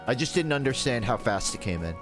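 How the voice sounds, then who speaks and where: Guy streaming a game, rambly and sweary, mid pitch, bit of music in the back. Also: sing-song, fairly quick. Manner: rambling, profane storytelling with laughs. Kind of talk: casual livestream chat while gaming.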